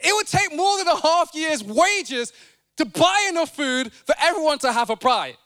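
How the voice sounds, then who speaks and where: A man's voice: extremely high pitch, animated, normal speed, sharp tone, voice pushed up, exaggerated voice. A man voicing an exasperated, practical male disciple who pleads in comic disbelief.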